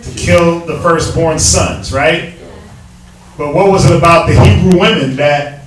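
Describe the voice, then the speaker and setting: A man teaching scripture to a group in a slangy, animated way, full of rhetorical questions. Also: a little high, a little slow, background noise. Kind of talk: street preaching. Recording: echoey hall from far off.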